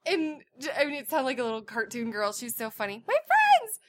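A woman and mother chatting casually as co-host, telling animated stories loudly. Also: a little high, quick pace. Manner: loud, animated storyteller. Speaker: parent and co-host. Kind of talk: casual chat.

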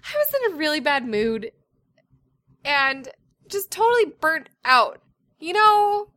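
Lively high-voiced mom telling stories. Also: female voice, slow, dry recording. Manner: animated, laughing, acts out shouted quotes. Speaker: podcast co-host and mother. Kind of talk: casual storytelling chat.

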